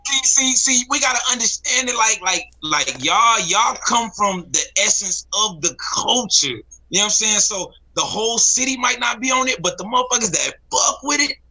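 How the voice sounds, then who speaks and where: A man's voice: sits high, expressive, moderate pace, few pauses, bright, forceful tone. A man co-hosting a casual podcast chat who makes his points emphatically, repeating words as he builds up.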